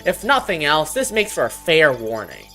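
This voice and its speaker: An actor playing a formal, measured researcher character in a video game. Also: medium pitch, wildly swooping pitch, pushed and bright, soft background music, exaggerated voice. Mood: grave. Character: scholarly researcher studying a ruined tower.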